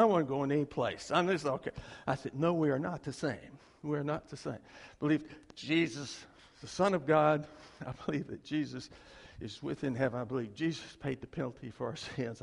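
A man's voice: medium pitch, a little fast, creaky, husky, long reverb tail. A male pastor preaching a sermon, telling a story and acting out both sides of a conversation.

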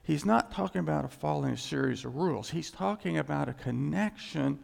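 A male pastor preaching a sermon in an emphatic way, climbing in pitch and loudness to stress his points. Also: animated, brisk, creaky. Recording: long reverb in a large hall.

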